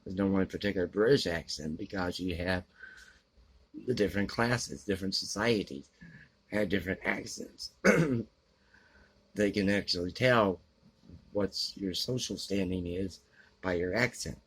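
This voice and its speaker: A man giving blunt, grumbling book opinions in a halting way, with lots of fillers and frequent throat clearing. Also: low voice, fairly bright tone. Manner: grumbling, opinionated about books. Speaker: book vlogger answering a question tag. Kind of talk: casual unscripted talk to camera.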